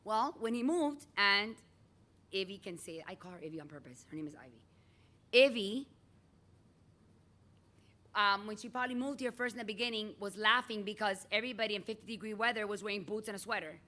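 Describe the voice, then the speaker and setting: A middle-aged woman teacher giving a chatty, animated lecture in a classroom and calling on students by name. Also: medium pitch, fairly quick, long pauses.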